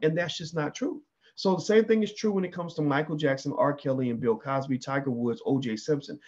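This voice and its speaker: A man's voice: on the high side, a little fast, darkish tone, highs cut off. A man giving an emphatic opinion monologue, often asking 'right?' and restarting his sentences. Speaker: commentator.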